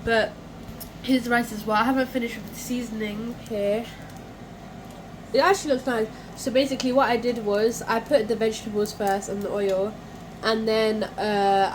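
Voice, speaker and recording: A woman's voice: fairly high pitch, fairly even intonation, normal speed, a little hiss or hum, poor audio. Chatty young woman with a cold. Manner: chatty and scattered, with fillers and self-corrections. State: has a cold. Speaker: cooking vlogger. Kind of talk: casual cooking vlog chat. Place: home kitchen with frying food.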